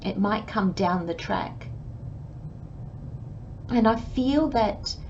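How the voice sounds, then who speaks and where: A woman giving a channelled tarot reading, talking in a gentle, chatty way and acting out little imagined conversations. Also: mid-range voice, lively intonation, extremely slow. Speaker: tarot reader. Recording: slightly dull, faint background hiss.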